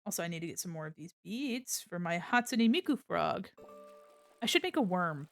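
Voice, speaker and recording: A woman's voice: lowish voice, very animated, normal speed, faint music behind. A woman hosting a stream who chats casually and rambles, distracted while she beads small crafts. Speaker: streamer host.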